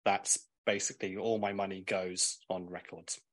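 A man's voice: sits low, little pitch movement, moderate pace. A man, a clothing brand owner guesting on a podcast, talking bluntly in casual chat and swearing freely.

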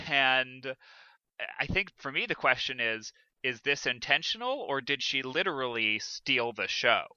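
A man's voice: medium pitch, lively intonation, unhurried, pushed and bright, clear, resonant tone, dry recording. A man co-hosting a podcast, talking through a theatre production in a casual, hesitant way, with many restarts. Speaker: podcast co-host. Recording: dull dry lo-fi sound.

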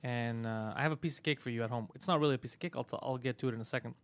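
A man's voice: mid-range voice, very fast. A man hosting a comedy podcast, teasing his co-host and telling a story in casual, profane chat. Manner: teasing, swears a lot, acts out quotes.

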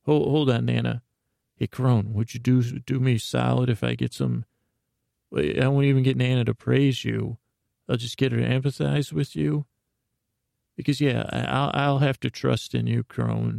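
Man, podcast host, improvised comic monologue, very creaky voice, dry close recording. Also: mid-range voice, a little mellow, dry recording. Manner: rambling, self-deprecating, full of restarts.

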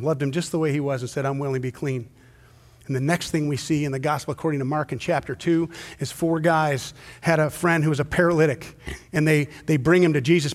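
A male pastor preaching a sermon, swinging from hushed, slow storytelling to loud, intense emphasis. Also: on the high side. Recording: long hall reverb.

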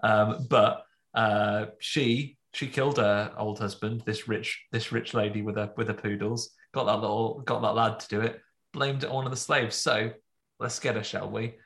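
A man casually recapping a film with friends, jokey, slipping into quick voices for the characters. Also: on the low side, fairly even intonation, a bit bright. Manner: jokey, acts out lines in quick put-on voices. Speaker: podcast co-host recapping a film. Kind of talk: casual chat.

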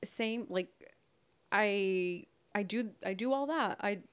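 A woman's voice: mid-range voice, slow pace, clean tone. A young woman co-hosting a podcast, chatting casually and acting out both sides of a conversation as she tells a story. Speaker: podcast co-host. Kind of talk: casual chat.

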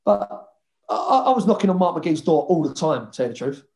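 A former footballer speaks fast in a fairly high voice with vocal fry, swearing as he animatedly retells stories in a casual interview, quoting conversations.

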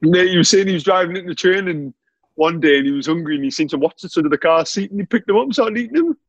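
A man's voice: high-pitched, lively intonation, quick pace, no room sound, lo-fi sound. A man telling stories in a casual chat, laughing often and saying "mate" constantly. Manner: laughs a lot while telling anecdotes, says "mate" constantly.

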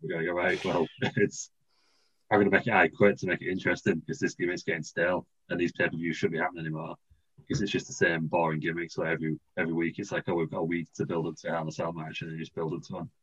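A man co-hosting a casual podcast, rambling and laughing through a silly story pitch. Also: little pitch movement, rapid-fire, fairly bright tone, breathy edge, lo-fi sound. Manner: rambling, laughing, restarts, puts on silly voices in quotes. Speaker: podcast co-host. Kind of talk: casual comedic chat, pitching a wrestling storyline.

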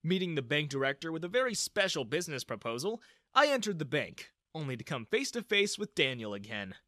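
Bright lively male storyteller. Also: a little high, brisk, dry recording, studio quality. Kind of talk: first-person story narration.

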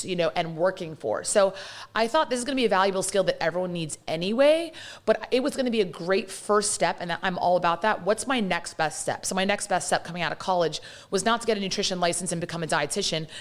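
A woman from London in her thirties, talking fast and loosely with lots of fillers as a guest in a casual interview. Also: fairly low pitch. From London, England. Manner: talkative, fast storytelling with many fillers.

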